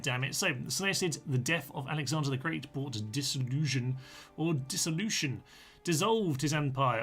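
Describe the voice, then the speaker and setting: A man talking through a live strategy game stream, rambling and chatty as he answers viewers' comments. His voice sits at a middling pitch with a bright, forward edge. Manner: chatty, reads out chat comments with frequent ums.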